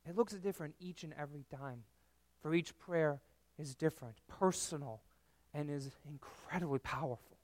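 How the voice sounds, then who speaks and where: A man preaching a sermon in an earnest, measured way, with dramatic pauses. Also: a little high, a little mellow, dry recording.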